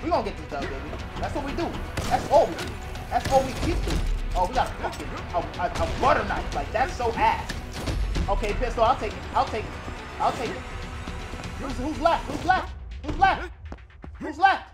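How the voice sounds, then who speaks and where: High, lively young man hyping gameplay. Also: normal speed, long pauses, music in the background. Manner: slangy, repeats hype phrases in bursts. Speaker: gaming video host. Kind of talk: hyped gameplay commentary.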